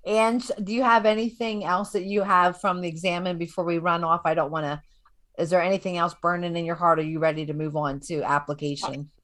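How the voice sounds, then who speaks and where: A woman's voice: fairly low pitch, fairly even intonation, brisk, a bit bright. A woman leading a casual Bible study chat, guiding the others and laughing easily.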